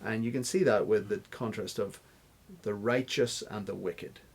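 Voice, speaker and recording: A man's voice: on the low side, moderate pace, vocal fry, slightly rough. A man answering interview questions as a guest scholar, explaining step by step like a teacher. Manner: teacherly, stops to spell out examples.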